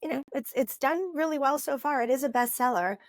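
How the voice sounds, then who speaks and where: A woman in her fifties, a guest author, telling her story in a lively, casual interview with frequent "you know"s. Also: high voice, fairly quick, dry recording. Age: 50s.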